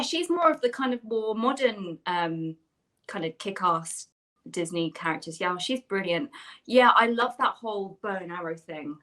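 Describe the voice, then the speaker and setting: A woman's voice: mid-range voice, expressive, moderate pace, pushed and bright. An actress, a woman, chatting enthusiastically and at length as a guest in a video call interview.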